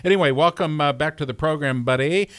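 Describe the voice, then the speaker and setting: A man's voice: on the high side, fast, no room sound. A man hosting a sports talk radio show, giving playful, hyped-up introductions.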